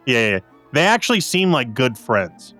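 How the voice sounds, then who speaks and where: A man's voice: medium pitch, sing-song, normal speed, sharp tone, soft background music. A tipsy man narrating as game master of a tabletop game, casual and loose.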